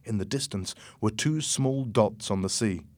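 A man narrating an audiobook chapter in a slow, measured, clear reading. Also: lowish voice, a little mellow, no echo, studio quality.

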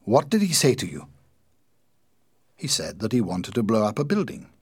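A man doing a coldly calm bomb maker. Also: on the low side, moderate pace, breathy edge, dry recording, clean studio sound, full character voice. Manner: calm, cold, matter-of-fact.

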